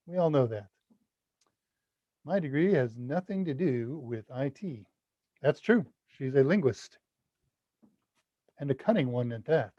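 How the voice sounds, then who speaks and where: With a medium-pitched voice, lively intonation, and a measured pace broken by long pauses, a US man hosts an informal live Q&A stream. He reads viewer comments, jokes at his own expense, and laughs at his gags. The sound is dull but echo-free.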